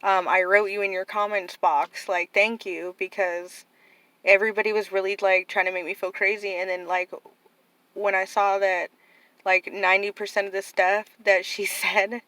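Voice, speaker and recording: A young woman talks straight to her viewers in a loose, rambling way, dropping "like" and "you know" into nearly every phrase. Her voice is bright and forward at a middling pitch, and the sound is dry and close. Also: little pitch movement, moderate pace, no echo, poor audio. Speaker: vlogger telling about her nephew. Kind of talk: casual personal storytelling to camera.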